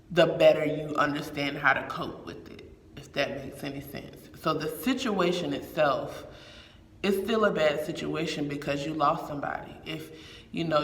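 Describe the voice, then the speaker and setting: A man's voice: fairly high pitch, a bit bright, far from the mic. Earnest man in an echoey room. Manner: candid, earnest, repeats phrases for emphasis. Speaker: speaker sharing a faith reflection. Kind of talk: casual heartfelt monologue. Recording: echoey room with long reverb.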